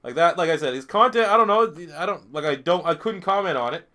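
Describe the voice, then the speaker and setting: A man's voice: a little high, animated, fast talker, pushed and bright. A young man streaming a football video game, reading chat questions aloud and answering in a crude, profane, blunt way. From Canada. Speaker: gaming streamer. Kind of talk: live gameplay commentary reading chat.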